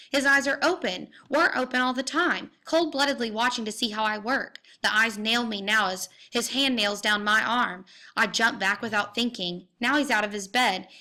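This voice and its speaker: Woman, audiobook reader, bright voice, intense dramatic first-person narration, hushed asides. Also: medium pitch. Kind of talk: dramatic literary reading.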